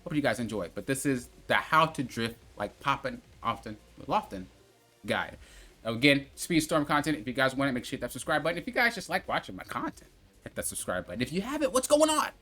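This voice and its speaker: A young man narrates his own gameplay as a tutorial, coaching the viewer step by step and circling back to repeat himself. His voice is bright and forceful, with a middling pitch and an easy, chatty manner. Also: sing-song, brisk. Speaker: gaming channel host.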